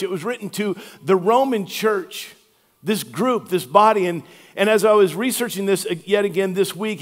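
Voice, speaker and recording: A pastor from Louisiana preaching an earnest sermon, drawing out key words for emphasis. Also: male voice, sits high. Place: church sanctuary. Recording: long church hall reverb.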